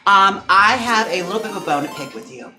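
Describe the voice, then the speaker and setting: Campy bright-voiced drag queen livestreaming. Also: sits high, animated. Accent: Wisconsin. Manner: campy, dramatic, quick gasps and sassy asides. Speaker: drag queen and wig stylist streaming live. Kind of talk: casual livestream chat. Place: home.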